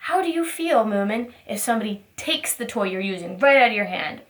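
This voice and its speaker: A woman teaching a preschool circle time, asking gentle questions in a sing-song teacher voice. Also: medium pitch, expressive, brisk, noisy background. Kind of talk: circle time lesson for young children.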